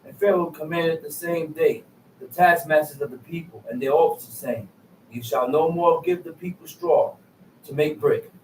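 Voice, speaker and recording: A man's voice: fairly high pitch, normal speed, a little mellow, a little hiss or hum. Man reading scripture in an echoey room. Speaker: scripture reader. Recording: echoey room, mic far off.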